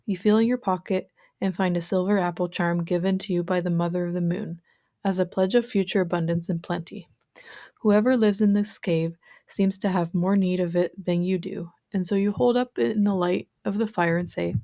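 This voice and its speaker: A woman guiding a meditation, telling the tale calmly and at a measured pace. Her voice sits a little low and sounds soft and mellow. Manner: calm, measured storytelling. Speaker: meditation narrator. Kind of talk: guided meditation narration.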